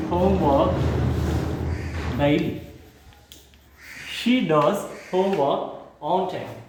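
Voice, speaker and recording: Man, school teacher, slow repetitive explaining, heavy room echo. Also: high voice, darkish tone, far from the mic. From southern India. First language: Telugu. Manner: slow, repetitive, asks and answers his own questions. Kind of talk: grammar lesson. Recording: very echoey room with faint noise.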